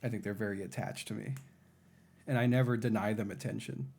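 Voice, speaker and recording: Gravelly low-voiced man streaming casually. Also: fairly even intonation, fairly quick, darkish tone, a little hiss or hum. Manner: chatty, talks sweetly to his cats in a high baby voice. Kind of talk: casual live-stream chat. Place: home room. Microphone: desk microphone.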